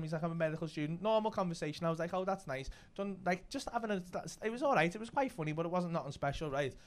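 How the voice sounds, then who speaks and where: Lively high-voiced Liverpool comedian. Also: male voice. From Liverpool, England. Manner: swears freely, rapid banter, animated bursts. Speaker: comedian and comedy club host. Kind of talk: casual storytelling chat.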